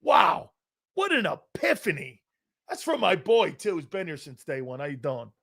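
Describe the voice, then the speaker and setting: A man's voice: on the high side, huge pitch swings, normal speed, gravelly, fairly bright tone, breathy edge. A man hosting a live sports talk show, delivering blunt, profane, mocking opinions and predictions.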